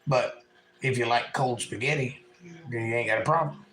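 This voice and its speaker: A man's voice: medium pitch, moderate pace, heavy background noise. A man from eastern North Carolina with a Southern accent, hosting a casual livestream at home and reading chat messages aloud in a folksy way.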